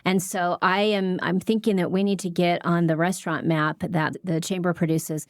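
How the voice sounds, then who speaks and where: Chatty woman podcast host, lowish voice. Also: level tone, moderate pace, no echo, studio quality. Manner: enthusiastic and chatty. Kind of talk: casual interview chat.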